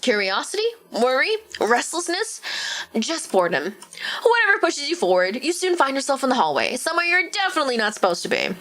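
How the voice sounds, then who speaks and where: A woman reads as a breezy valley girl narrator, drawling game text with airy upspeak. The voice sits high and bright and swoops about in lively ups and downs. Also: a little fast. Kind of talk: reading a visual novel aloud.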